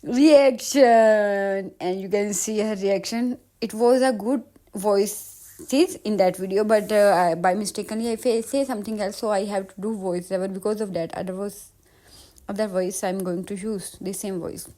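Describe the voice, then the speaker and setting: Mellow-voiced young woman vlogger. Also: mid-range voice, fairly even intonation, moderate pace. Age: young adult. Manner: chatty, giggly storytelling in simple non-native English. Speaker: travel vlogger. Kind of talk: vlog voice-over narration.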